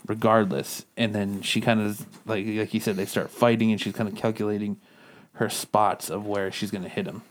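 A man with a lowish voice and flat delivery talks at normal speed while co-hosting a casual comics-review podcast. He rambles through a comic's plot, tossing in quoted character lines along the way.

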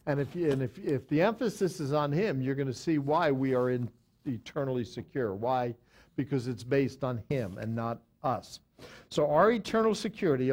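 A man's voice: mid-range voice, darkish tone. A middle-aged man leads a Bible study in a plain, mid-range voice. He talks off the cuff, stopping and correcting himself often, then lifts his voice to stress the verses he reads aloud. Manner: halting, many fillers and self-corrections, reads verses aloud with emphasis. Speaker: pastor teaching a Bible study. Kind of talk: unscripted Bible teaching.

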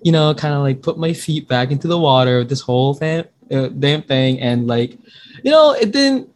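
A man's voice: a little high, animated, normal speed, a little mellow, slight background noise. A young man hosts a loose, casual podcast with a voice that swings up and down a lot. He rambles, apologizes, and cracks jokes at his own expense, with plenty of swearing. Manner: rambling, self-deprecating, swears freely. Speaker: podcast host.

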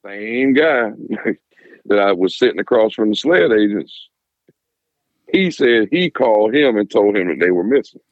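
A man's voice: on the low side, lively intonation, no room sound. Profane man telling a story over a phone-like line. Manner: profane, laughing, fast retelling of dialogue. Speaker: police officer telling his story. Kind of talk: casual storytelling interview. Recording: dry, phone-like sound.

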